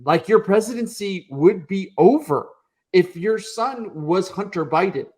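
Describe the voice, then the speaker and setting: A man's voice: high voice, animated, unhurried, darkish tone, breathy edge. Fired-up man ranting on a podcast. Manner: heated, profane ranting. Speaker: podcast co-host. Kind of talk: political podcast banter.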